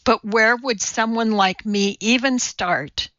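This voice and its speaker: A woman's voice: a little high, takes it slowly, a bit bright, dry recording, highs cut off. A woman reading the part of a nervous, self-doubting mother of five in an audiobook, speaking hesitantly with a trembling voice.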